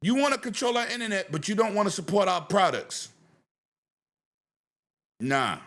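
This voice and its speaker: A man's voice: high-pitched, sing-song, moderate pace, a bit bright. A man hosting a casual gaming livestream, ranting with profanity and greeting viewers in chat. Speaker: livestream host.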